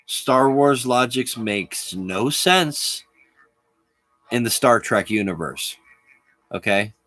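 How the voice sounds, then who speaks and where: A man's voice: medium pitch, animated, slow, a bit bright, dry recording. Rambling man chatting on a stream. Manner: rambling, chats with viewers, laughs often. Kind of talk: casual live-stream chat.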